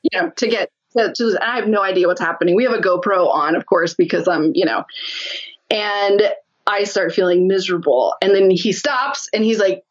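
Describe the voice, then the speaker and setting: A woman guest telling a lively story in a casual interview, laughing often as she talks. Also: mid-range voice, dull audio.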